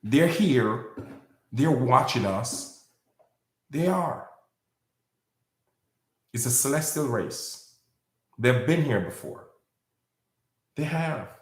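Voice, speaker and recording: A man's voice: mid-range voice, expressive, extremely slow, pauses often. Rambling man in an echoey room. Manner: rambling, repeats words, insults critics. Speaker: video host. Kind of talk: casual monologue to camera.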